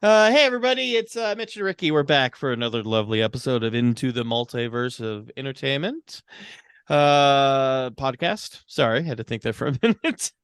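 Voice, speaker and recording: A man's voice: medium pitch, lively intonation, normal speed, fairly bright tone, clear, resonant tone, no echo, clean studio sound. A man co-hosting a casual podcast who says uh a lot and laughs easily. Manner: many uh fillers, laughs easily, upbeat. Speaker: podcast co-host.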